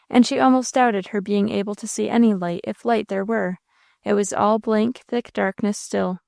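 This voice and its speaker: A woman narrating a classic novel in a steady, measured audiobook reading. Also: mid-range voice, gravelly, dry recording, studio quality.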